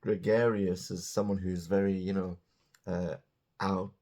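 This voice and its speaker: A man teaching English grammar in a casual, chatty way, drawing out example words slowly and dropping joking asides, beside a small whiteboard indoors. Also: deep voice, flat delivery, a little mellow. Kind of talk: casual grammar lesson to camera.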